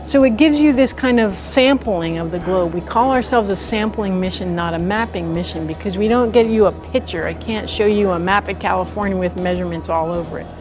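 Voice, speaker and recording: A woman's voice: mid-range voice, brisk, few pauses, music in the background. A woman scientist with a West Coast American accent, patiently explaining her mission's data in an interview.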